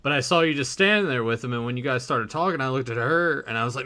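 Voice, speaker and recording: A man's voice: medium pitch, fast talker, sharp tone. A man co-hosting a podcast, chatting casually and chuckling along, with filler words. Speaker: podcast co-host. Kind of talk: casual chat.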